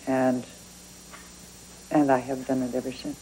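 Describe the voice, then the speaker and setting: Mellow-voiced woman writer reflecting. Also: rumbling low, flat delivery, unhurried, slightly rough, rough recording. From Canada. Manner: thoughtful, conversational. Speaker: writer being interviewed. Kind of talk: reflective interview talk.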